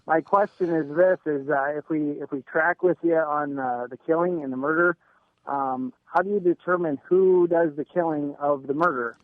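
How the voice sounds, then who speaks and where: An eager man calls in to a radio show, speaking with enthusiasm in a fairly high voice. His voice is dry and thin, filtered through a telephone line. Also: moderate pace, no room sound. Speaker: caller. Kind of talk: call-in radio conversation. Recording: tinny phone line.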